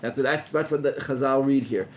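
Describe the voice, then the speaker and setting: Animated rabbi teaching a class. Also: male voice, mid-range voice, normal speed, a little hiss or hum. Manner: animated, acts out scenes with gasps, mixes Hebrew terms. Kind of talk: informal Torah class with students.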